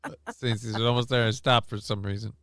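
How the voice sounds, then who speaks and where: Guy hosting a stream, smooth clear voice, dry close mic, swears a lot. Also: medium pitch, fairly quick, no room sound. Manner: joking, profane, animated retellings. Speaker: stream host. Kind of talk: casual chat with a co-host.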